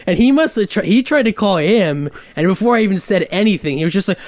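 A man from Michigan rambling through a profane, self-mocking story as a podcast co-host. His voice sits slightly high and stays loose and casual. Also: lively intonation, fast talker, hardly any pauses, dry recording.

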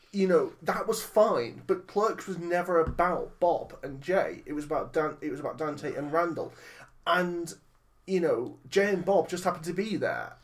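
A man with a slightly raised voice chats casually about films as a podcast co-host. He rambles, corrects himself partway through and laughs easily. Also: on the high side. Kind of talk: casual film review chat. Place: lives in Liverpool, not local accent.

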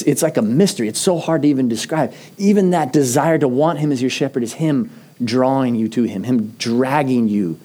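A middle-aged man, a pastor, preaching a sermon in an earnest, conversational storytelling manner with slow, emphatic phrases. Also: mid-range voice, mellow.

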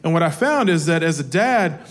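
A man in his forties co-hosting a faith talk, telling family stories in a lively way and laughing as he goes. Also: a little high, brisk. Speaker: co-host. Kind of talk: casual faith talk with storytelling.

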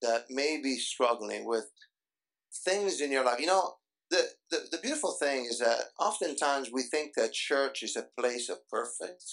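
A man pastoring a church service, talking in a halting way with many fillers. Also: mid-range voice, expressive, creaky, a bit bright. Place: church before a congregation.

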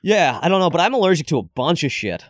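A man's voice: a little high, big pitch swings, fast talker, dry recording. A man in his thirties co-hosting a podcast, telling rambling, profane stories in casual comedic chat. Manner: profane, rambling storyteller with acted quotes. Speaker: podcast co-host.

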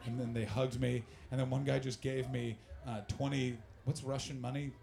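Young canadian guy doing stand-up, raspy fry in his voice, talks loose and animated. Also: mid-range voice, moderate pace. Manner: loose, profane, animated storytelling. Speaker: stand-up comedian. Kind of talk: stand-up crowd work and storytelling.

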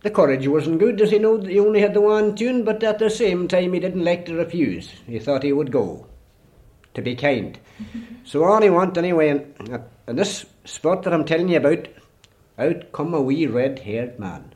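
A man's voice: on the high side, animated, moderate pace, a little mellow. Donegal man telling a folktale. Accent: Irish (Donegal). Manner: rambling, repetitive "he says". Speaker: traditional storyteller. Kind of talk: folk storytelling.

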